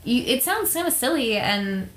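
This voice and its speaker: A woman's voice: fairly high pitch, very animated, moderate pace, reverberant. A woman co-hosting a podcast, talking casually and filling her speech with "like". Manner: chatty, peppered with "like". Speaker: podcast co-host. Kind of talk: casual chat.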